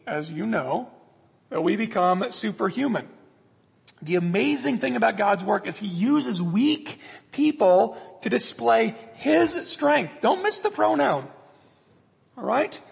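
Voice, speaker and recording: Gravelly high-voiced male pastor preaching. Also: in a large hall. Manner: earnest preaching, acts out quoted prayers and God's replies. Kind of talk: sermon.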